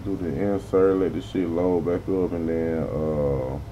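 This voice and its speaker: Male gaming streamer, lower voice, casual and profane, chatting to his audience. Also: steady tone, measured pace, mellow, dull audio, a little hiss or hum. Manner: profane, rambling, talks to viewers. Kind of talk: casual gameplay commentary.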